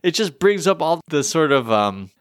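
A man's voice: a little high, big pitch swings, normal speed, clear, resonant tone, dry recording, studio quality. A man co-hosting a podcast in casual chat, joking and self-deprecating. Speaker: podcast co-host.

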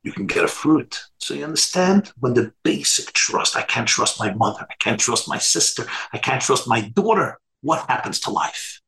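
A man's voice: medium pitch, animated, moderate pace, creaky, hardly any pauses, bright, forceful tone, rough recording. A man, a rabbi, giving an earnest storytelling talk that retells anecdotes.

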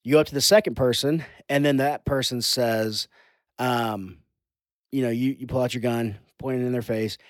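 A man's voice: medium pitch, normal speed, no room sound. A man, a youth pastor, talking in an earnest conversation that drifts into preaching. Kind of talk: casual conversation.

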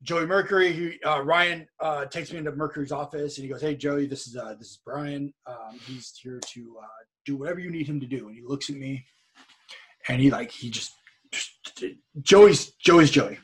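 A man from California, a guest on an interview podcast, telling a long anecdote in a rambling, animated way full of repeats and quoted dialogue. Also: fairly high pitch, moderate pace. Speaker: interview guest, wrestler and streamer. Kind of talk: casual storytelling in a podcast interview.

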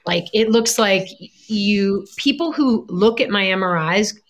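A woman's voice: medium pitch, a little slow. Reflective woman in casual talk. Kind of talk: casual conversation.

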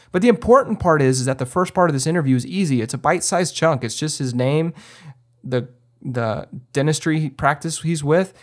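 A man hosting a podcast, explaining filmmaking in a loose, conversational way and acting out what he tells people on set. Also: medium pitch. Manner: conversational, many fillers and restarts, acts out his own directions. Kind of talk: casual instructional talk.

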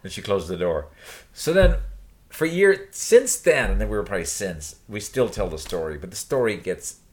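Lively low-voiced man telling stories. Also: a little fast. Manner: animated, laughs often, acts out voices in stories. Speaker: podcast co-host. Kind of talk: casual storytelling chat.

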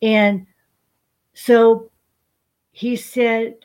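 A woman's voice: mid-range voice, fairly even intonation, takes it slowly, long pauses, darkish tone. An older woman, a veteran, who tells stories chattily as a podcast guest and calls people honey. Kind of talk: casual interview storytelling.

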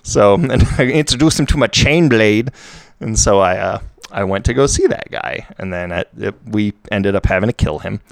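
A young man recounts a tabletop session with animated energy, scattering "like" through his sentences. His voice is smooth and clear. It sits close and dry in the recording. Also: on the low side, moderate pace, dry recording. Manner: animated storyteller, lots of "like". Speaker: podcast co-host. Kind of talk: casual chat, recounting a tabletop game.

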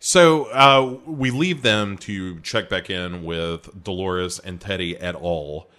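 A man's voice: sits low, slow, bright, forceful tone. A man co-hosting a podcast, recapping a TV episode in playful, laughing casual chat. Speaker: podcast co-host.

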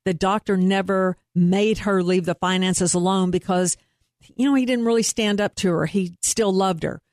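A woman's voice: medium pitch, steady tone, normal speed, a little mellow, no echo. Earnest woman investigator, dry close sound. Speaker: private investigator and guest. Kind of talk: interview conversation.

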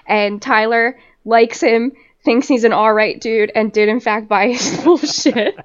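A woman co-hosting a podcast, chatting casually in an animated, profane way and mocking people in exaggerated voices. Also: on the high side, moderate pace, lo-fi sound. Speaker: podcast co-host. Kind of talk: casual chat.

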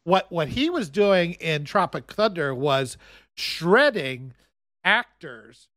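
A man's voice: a little high, big pitch swings, slow, a bit bright, no echo, clean studio sound. A man in casual podcast chat, talking bluntly and ranting.

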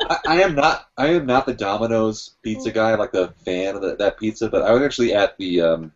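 A man's voice: lowish voice, fairly quick, highs cut off. A man co-hosting a casual chat show, rambling and swearing freely. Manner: rambling, profane.

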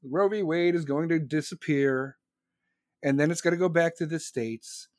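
A man's voice: on the high side, normal speed, darkish tone, dry recording, clean studio sound. A young man hosting a livestream, ranting sarcastically and swearing constantly while reading chat. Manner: crude, sarcastic, swears constantly, laughs at own jokes. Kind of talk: profane rant reacting to chat.

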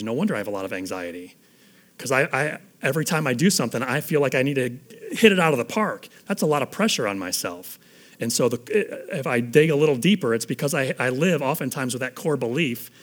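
A middle-aged man preaches in an earnest, conversational way, as if talking things through with the people in front of him. His voice sits at an ordinary middle pitch for a man. His delivery stays plain and sincere rather than showy. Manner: earnest, conversational, grows soft and hushed toward the end. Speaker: pastor. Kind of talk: sermon.

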